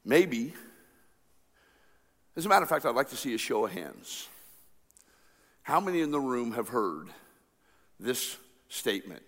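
A male pastor preaching a sermon, swinging between loud passionate cries and quiet, slow asides. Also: mid-range voice, very animated. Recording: long reverb of a large hall.

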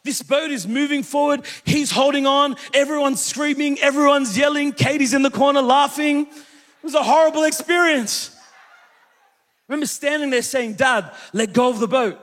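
High-voiced preacher in a reverberant church. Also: male voice, moderate pace. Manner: energetic storyteller, calls out to the congregation. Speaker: pastor. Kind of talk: sermon with storytelling.

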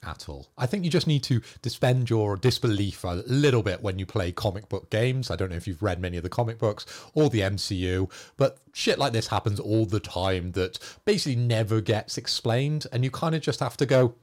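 A man's voice: on the low side, lively intonation, brisk, hardly any pauses, a little mellow. A man co-hosting a podcast, talking casually in an easygoing way. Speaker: podcast co-host. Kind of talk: casual chat.

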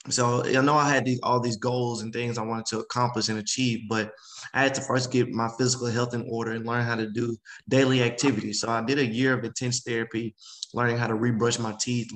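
A man, a guest speaker in an interview, telling his story in a casual, animated way and acting out other people's voices. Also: medium pitch, rough recording. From Memphis, Tennessee. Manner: animated, acts out quoted voices.

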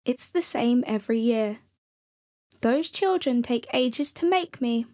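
A woman's voice: fairly high pitch, animated, a little slow, mellow. A woman voicing a grumpy male snowman who moans and complains. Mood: grumbling. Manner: moaning, complaining.

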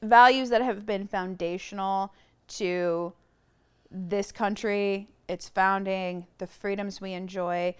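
Podcast guest, woman, earnest and searching for words, smooth voice, lapel mic. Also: mid-range voice, steady tone, takes it slowly. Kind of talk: casual conversation. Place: room shared with host.

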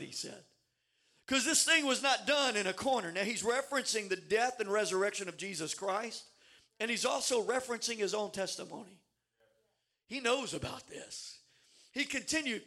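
At normal speed, a man with a very high, bright voice delivers an animated, emphatic sermon. Big dramatic swings mark his preaching, and he doubles words to build momentum.

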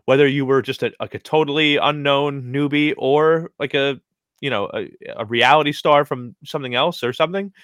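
A man's voice: mid-range voice, moderate pace, fairly bright tone, smooth, no echo. Man, podcast co-host, rambling and eager, dry close recording. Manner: rambling, filler-heavy enthusiasm. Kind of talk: casual recap chat.

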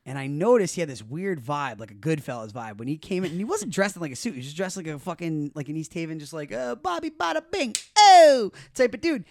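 A young man co-hosting a podcast, telling stories in a casual, animated, profane way and acting out other people's voices. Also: fairly high pitch, fast talker, few pauses, dry recording, studio quality. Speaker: podcast co-host.

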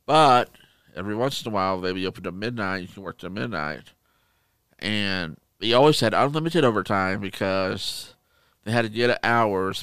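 A man co-hosting a podcast, telling stories in casual chat, animated and profane. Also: on the low side, clean tone, dry recording. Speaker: podcast co-host.

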